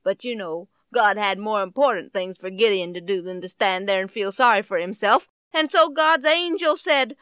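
A woman telling a Bible story in an animated, folksy way, full of exclamations. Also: medium pitch, normal speed, hardly any pauses, clean tone, no echo.

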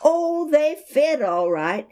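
A woman's voice: a little high, animated, slow pace, darkish tone, pitched above the performer's own voice. A woman voicing a poor, earnest young boy in a read-aloud children's story, speaking in a polite, pleading childlike voice. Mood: overjoyed.

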